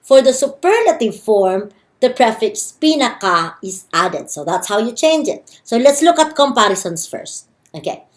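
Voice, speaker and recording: Filipino-accented woman, fairly high voice, patient slow teacher going over grammar examples. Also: very animated. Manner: slow, careful explanation with repeated examples. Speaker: language teacher. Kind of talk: recorded lecture.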